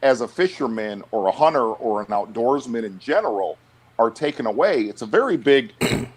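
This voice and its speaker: Middle-aged guy on a podcast, blunt, lively up and down voice, lots of stammered restarts. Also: medium pitch, moderate pace, breathy edge. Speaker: guest. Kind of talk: casual podcast chat.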